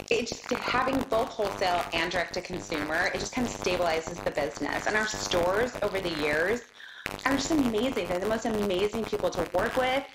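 A woman's voice: medium pitch, roomy sound, noisy background. A middle-aged woman talking as an interview guest, chatty and emotional, with many restarts. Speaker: guest, business owner. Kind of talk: casual interview chat.

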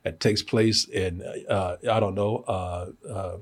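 Animated, husky-voiced American man. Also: low voice, takes it slowly. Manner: animated, laughing, profane, lots of fillers. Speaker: film review podcast host. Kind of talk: casual film review chat.

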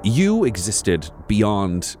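A man's voice: lowish voice, big pitch swings, drawn-out words, a little mellow, soft background music. A man running an improvised tabletop game as game master, with theatrical, playful storytelling. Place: studio.

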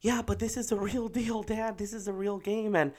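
A man's voice: high-pitched, flat delivery, normal speed, a little mellow, voice pushed up. A man voicing his nine-year-old daughter, a nervous and eager girl who talks in a pleading, childlike way. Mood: anxious.

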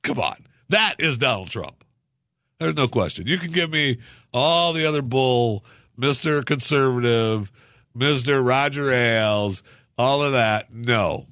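A man's voice: medium pitch, animated, unhurried, a bit bright, no echo. Sarcastic ranting man, dry sound. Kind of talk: casual political commentary.

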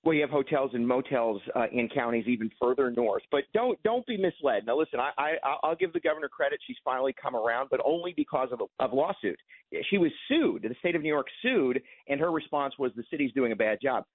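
A man speaking as a congressman in a radio interview, talking rapidly and emphatically. He comes through a tinny, narrow phone line that sounds dry and close. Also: mid-range voice, animated, no echo. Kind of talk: political interview.

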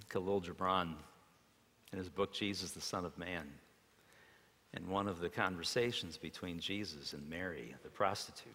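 A man preaching a sermon in a dramatic way, shifting between loud emphasis and hushed tones as he tells stories. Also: low voice, unhurried, long pauses, husky. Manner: storytelling with acted quotes. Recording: long reverb of a large hall.

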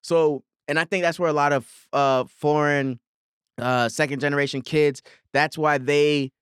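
Laid-back male guest, bright dry voice. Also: fairly high pitch, steady tone, normal speed, smooth, dry recording. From United States, Jamaican parents. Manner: laid-back, laughs easily, uses slang like bro. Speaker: guest, comedian and creator. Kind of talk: casual interview chat.

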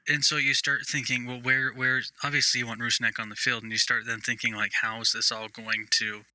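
A man co-hosts a soccer podcast in a sharply bright, tense voice. The sound is dry and close, with no room around it. He talks through his points carefully and at length. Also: mid-range voice, flat delivery, brisk, no echo, poor audio. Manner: thoughtful, explaining at length. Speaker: podcast co-host. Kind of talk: casual sports chat.

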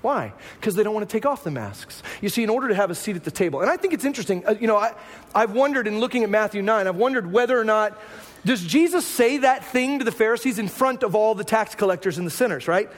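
A man preaching a sermon as pastor in a conversational way, dropping to hushed lines and rising to raised ones. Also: high voice, animated, fast talker. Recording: long hall reverb.

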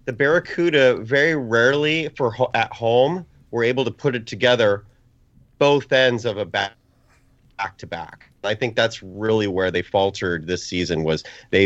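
A man co-hosting a casual podcast, his voice sitting low and telling a rambling, self-amused story. The sound is dry and a little dull, like lo-fi audio. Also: fairly bright tone, no echo. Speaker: co-host.

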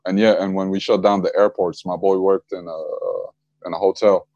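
A young man from Egypt chatting casually on a video call, relaxed and slangy, laughing often. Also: low-pitched, brisk, no room sound, lo-fi sound. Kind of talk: casual chat.

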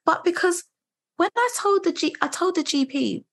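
A woman in her thirties telling her story in a casual conversation, animated and indignant. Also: very high voice, moderate pace. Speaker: guest sharing her story.

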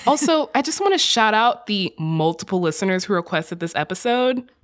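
A woman from the Southern US co-hosting a podcast in casual chat, animated and wry, swearing casually. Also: mid-range voice, normal speed. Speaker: podcast co-host.

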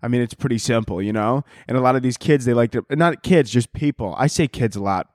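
A man's voice: mid-range voice, a little fast, a little mellow, no echo. Profane rambling young man, dry sound. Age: 20s. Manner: profane, rambling, laughs often. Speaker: podcast host. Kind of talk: casual comedic rant.

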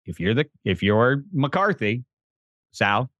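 Male sports co-host, animated and questioning, bright tone. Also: mid-range voice, slow pace, dry recording, lo-fi sound. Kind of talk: casual sports chat.

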